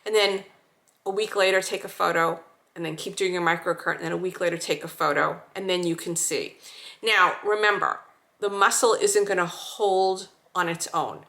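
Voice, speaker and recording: A woman calmly demonstrating a skincare routine, giving slow, reassuring step-by-step cues. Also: fairly low pitch, creaky. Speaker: skincare instructor. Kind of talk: demonstration tutorial.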